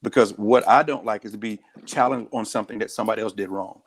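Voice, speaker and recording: A US sheriff, a man, talks fast in a fairly low voice as an interview guest. In candid conversation, he tells stories in a direct, earnest way.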